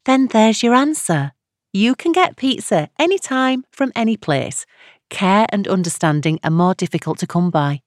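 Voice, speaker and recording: A woman narrator voicing a soothing radio advice host of about fifty who speaks gently to her callers. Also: mid-range voice, expressive, normal speed, no echo, clean studio sound, pitched above the performer's own voice, natural voice. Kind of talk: audiobook character reading.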